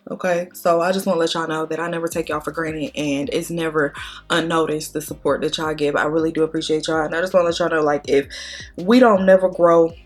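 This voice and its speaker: Lowish voiced young woman crying a bit, cussing and chatting thru her makeup routine, soft music under. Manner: candid, profane, tearful and emotional. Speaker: beauty vlogger. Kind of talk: casual chat while doing makeup.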